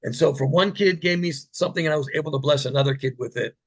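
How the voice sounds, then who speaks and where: A man with a gravelly, slightly husky voice, telling stories as an interview guest. He talks casually and with enthusiasm, and his voice drops soft when he quotes someone. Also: a little high, fast talker, low-quality recording. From United States. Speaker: interview guest, former TV gladiator. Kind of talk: casual storytelling.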